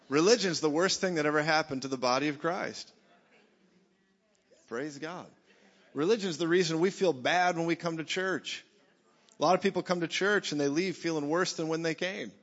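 A man preaching a lively sermon to a church gathering, joking with the crowd and rising to shouts. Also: on the high side, moderate pace. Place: church meeting hall. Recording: dull sound in a reverberant hall.

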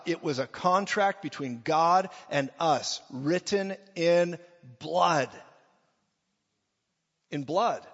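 A man preaches with emphatic energy, his voice pitched a little higher than most men's. He slips into mock voices to act out quoted lines. The sound is dull and lo-fi, with a long reverb trailing after his words in a large hall. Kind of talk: sermon.

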